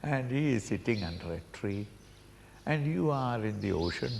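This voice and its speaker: An older man giving a slow spiritual discourse, acting out pleading cries and chuckling as he explains a hymn. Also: medium pitch, lively intonation, gravelly, darkish tone. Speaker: swami teaching a Sanskrit hymn. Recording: reverberant hall, faint noise.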